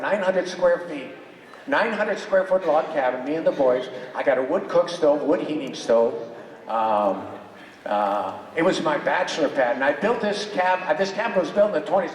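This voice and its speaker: Older man joking at a convention panel. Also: a little high. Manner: joking, opinionated storytelling with laughs. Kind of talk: animated convention panel talk. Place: large convention hall. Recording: echoey hall, distant mic, crowd. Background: audience reactions.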